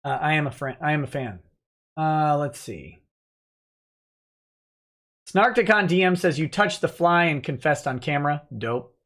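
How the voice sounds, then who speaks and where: A man with a fairly high voice hosts a laid-back livestream at his desk mic. He reads viewer comments aloud in a chatty, offhand way and tosses quick replies back. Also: animated, a bit bright. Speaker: livestream host reading chat. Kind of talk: relaxed live-stream chat.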